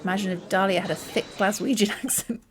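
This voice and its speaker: A woman's voice: mid-range voice, fairly even intonation, fast, some chatter behind, slight background noise. A woman streaming a game, chatting in a giggly, self-mocking way. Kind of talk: live game stream chat.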